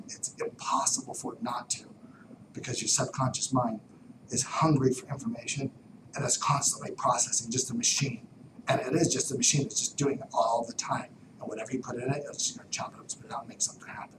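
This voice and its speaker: A man giving a motivational talk, telling stories animatedly, dropping to whispers and then bursting out loud. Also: medium pitch, little pitch movement, fast talker, noisy background. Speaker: motivational speaker. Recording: roomy distant mic with background ambience.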